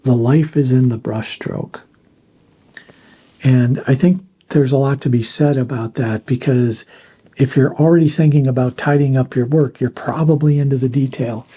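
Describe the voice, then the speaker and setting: A man's voice: medium pitch, moderate pace, husky. A man hosting an art channel, talking casually and plainly through books he recommends, with frequent fillers and restarts. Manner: relaxed, plain-spoken, many fillers and restarts. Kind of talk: casual instructional talk.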